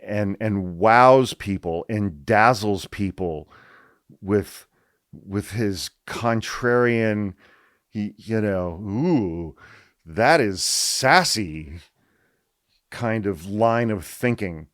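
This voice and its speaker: A man hosting a podcast, delivering a profane, sarcastic and animated solo rant. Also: on the low side, takes it slowly, dry recording, clean studio sound. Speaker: podcast host. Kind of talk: ranting solo commentary.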